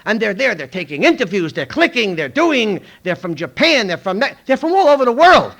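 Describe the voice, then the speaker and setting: A middle-aged man with a fairly high voice tells a story at a recovery meeting in a school room. His delivery is animated, and he jumps in and out of other people's lines as he acts them out for the crowd. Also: brisk. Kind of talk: storytelling talk to a live audience.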